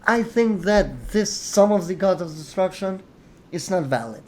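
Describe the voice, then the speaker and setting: A man's voice: high voice, animated, a little slow. Opinionated man arguing his case. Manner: opinionated, explains at length, quotes characters. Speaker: host. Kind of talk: casual discussion.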